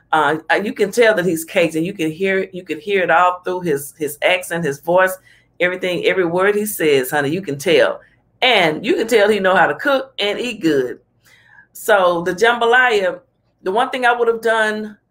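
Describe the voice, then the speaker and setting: A woman's voice: lowish voice, fairly bright tone. Chatty woman host giving her opinions. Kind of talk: casual commentary.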